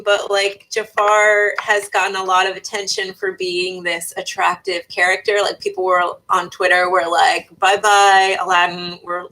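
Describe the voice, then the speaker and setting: A woman's voice: medium pitch, bright, forceful tone, rough recording. A young woman livestreaming, reading viewers' comments aloud and thinking aloud in casual chat, with many fillers and restarts. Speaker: YouTuber reading live chat. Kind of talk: casual live-stream chat.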